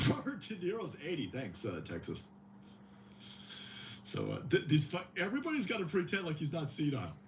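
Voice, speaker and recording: A male livestream host, mocking and swearing through a comedic rant, with a high, lively voice that jumps around. Faint hiss sits underneath. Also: brisk. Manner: mocking, heavy swearing, animated.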